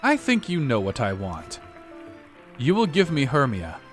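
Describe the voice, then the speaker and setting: A man's voice: mid-range voice, wildly swooping pitch, measured pace, soft background music. A man voicing a haughty teenage French schoolgirl who talks in grand, theatrical, oddly broken phrases, without a French accent, for a game playthrough.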